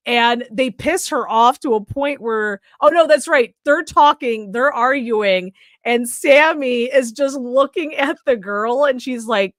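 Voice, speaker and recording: Brief: young woman podcast co-host, bright-ish voice, dry close mic, lively and foul-mouthed retelling of a horror film. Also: on the high side, slow, dry recording. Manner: animated, swears often, acts out characters' lines. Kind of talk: casual movie review chat.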